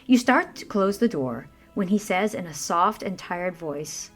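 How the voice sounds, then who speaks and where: Woman reading a kids bible story, super animated, talks right to you, quiet music behind. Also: fairly low pitch, unhurried. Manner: lively, addresses listener as you. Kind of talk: scripted narration for children.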